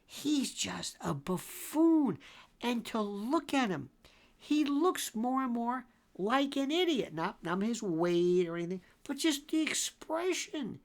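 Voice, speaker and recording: A man in his sixties delivers opinionated legal commentary with a gravelly, fry-laced voice. His pitch swoops widely from near-shouted exclamations down to low mutters. He hammers his points home by repeating phrases. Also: sing-song, slow. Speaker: legal commentator and show host.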